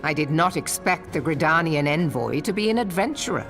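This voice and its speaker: A woman voicing a commanding female pirate admiral in a game cutscene, formal and measured. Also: low-pitched, lively intonation, music in the background.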